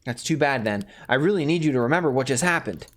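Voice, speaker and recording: A man voicing a calm, reasoning young man in a game playthrough. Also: medium pitch, fast, natural voice.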